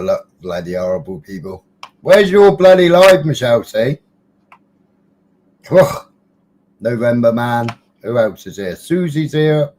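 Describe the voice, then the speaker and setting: A man hosts a casual live stream into a computer mic, sounding chatty and teasing and dropping the odd mild swear word. His voice sits at an ordinary middle pitch. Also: warm tone. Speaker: livestream host. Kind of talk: casual livestream chat greeting viewers.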